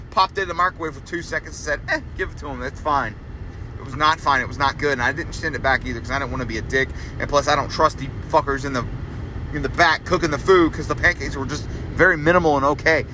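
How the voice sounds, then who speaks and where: A young man hosting a solo podcast, ranting in a profane, exasperated way and jumping into loud high outbursts. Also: a little hiss or hum, rough recording. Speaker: podcast host.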